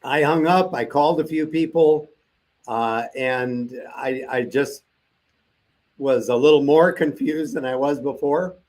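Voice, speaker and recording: A man's voice: medium pitch, unhurried, darkish tone. An older man as an interview guest, telling a long personal story and acting out the voices of the people he quotes.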